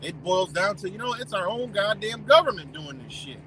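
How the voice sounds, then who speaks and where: Ranting high-voiced man outdoors. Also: lively intonation, moderate pace, fairly bright tone, slight background noise, low-quality recording. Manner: profane, heated, repetitive ranting. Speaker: live streamer. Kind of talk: ranting live stream monologue. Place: outdoors by a lake in winter.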